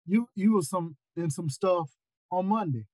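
An older man preaching a sermon over a video call, repeating words and rising into near-shouts. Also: high voice, measured pace, dry recording, low-quality recording.

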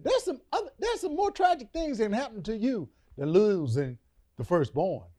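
A man preaching a Bible lesson to a congregation, dynamic and conversational, dropping quiet and then booming, with informal church vernacular. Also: big pitch swings, moderate pace. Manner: dynamic, call-and-response, drops soft then booms. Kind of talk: sermon.

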